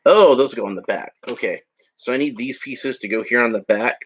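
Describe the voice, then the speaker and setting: A man's voice: mid-range voice, a little fast, slightly rough. A man narrating a toy build in a casual, rambling way with joking asides. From United States. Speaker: hobby vlogger.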